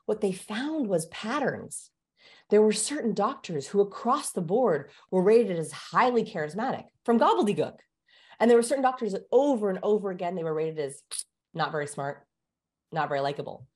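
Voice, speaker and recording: A woman's voice: mid-range voice, expressive, moderate pace, darkish tone. A woman who researches communication, guesting on an interview show and explaining with energy, like a teacher giving demonstrations.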